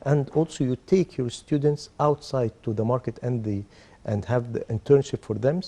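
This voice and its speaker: A man, his voice deeply dark and mellow. He answers as a guest in a TV interview, speaking haltingly, restarting words and stringing items into lists. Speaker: university official guest.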